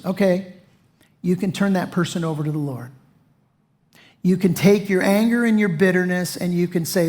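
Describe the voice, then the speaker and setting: A man's voice: sits high, normal speed. A male pastor preaching a sermon in a folksy, conversational way, often saying "you know".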